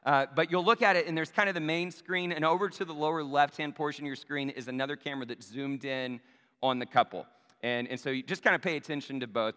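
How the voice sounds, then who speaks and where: A male pastor giving a conversational sermon to his congregation, often checking in with them using quick tag questions. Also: fairly high pitch, fairly bright tone, clean tone. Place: church sanctuary. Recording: long reverb of a large hall.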